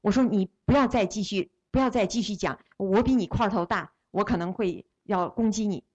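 A woman's voice: medium pitch, a little fast, a little mellow, muffled recording. A woman interpreting a sermon phrase by phrase, following the preacher closely with small restarts.

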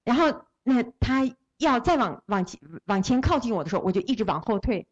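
A woman's voice: on the high side, very animated, a little fast, dull audio. A woman interpreting a sermon phrase by phrase, following the preacher closely with small restarts.

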